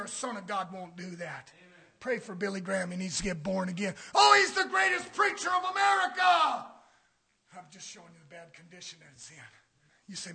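A male preacher delivering a fiery sermon in a church, blunt and confrontational, swinging from shouting to hushed near-whispers. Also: high-pitched, very animated, a little fast, gravelly, husky. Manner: blunt, confrontational, repeating phrases.

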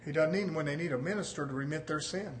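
A man preaching a fervent sermon, repeatedly calling out "brothers and sisters" and building to shouts. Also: a little high, racing.

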